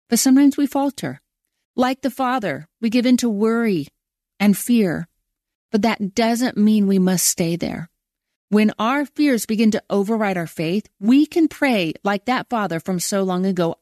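A woman's voice: medium pitch, a little mellow, no room sound, clean studio sound. A woman hosting a podcast, reading a devotional and a prayer in an earnest voice that draws out key words. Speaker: podcast host.

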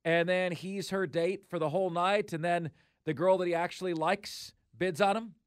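This sports talk radio host has a notably high, clear, resonant voice with fairly even intonation at normal speed. He's emphatic and opinionated, driving points home by repeating them, and the sound is close and dry with no room around it.

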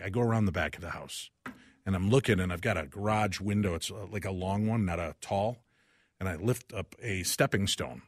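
A man with a low, husky voice tells a personal story on talk radio, lively and full of acted-out dialogue. The sound is dry and close, with no room around it. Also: a little fast, no echo. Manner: animated, acts out the dialogue of each person. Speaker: radio guest host.

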